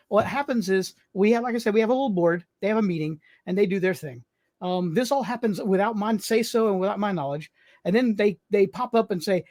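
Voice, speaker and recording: A man's voice: sits high, moderate pace, darkish tone, no room sound. A man who hosts a game show, telling stories as a podcast guest, acting out voices and laughing often. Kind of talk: casual podcast interview.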